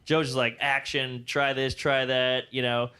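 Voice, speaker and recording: A man's voice: medium pitch, measured pace, smooth. A male comedian telling stories in a casual interview, acting out quotes and swearing freely. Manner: animated storyteller, acts out quotes, swears freely. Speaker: comedian guest.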